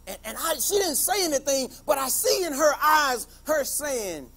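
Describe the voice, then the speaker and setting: A man, a teacher, giving a passionate motivational speech, telling stories and building to emphatic shouts. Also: extremely high pitch, very animated, moderate pace, gravelly, faint music behind.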